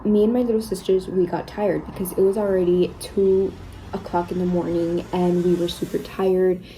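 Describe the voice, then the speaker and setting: A woman's voice: fairly low pitch, little pitch movement, normal speed, dark tone, a little hiss or hum, low-quality recording. A young woman vlogger chatting casually about her own experiences while doing her makeup, constantly saying "you guys" and "like.". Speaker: beauty vlogger.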